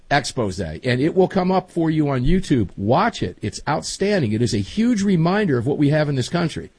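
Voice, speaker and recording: Folksy rambling man, lively husky voice. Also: fairly high pitch, dry recording. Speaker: talk show host. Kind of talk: casual chat.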